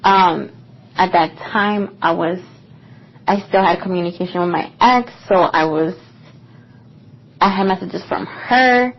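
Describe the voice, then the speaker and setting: A woman's voice: lowish voice, unhurried, pauses often. A young woman co-hosting a podcast, telling a personal story in a casual, rambling way with lots of fillers. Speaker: podcast co-host. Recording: dull lo-fi podcast recording.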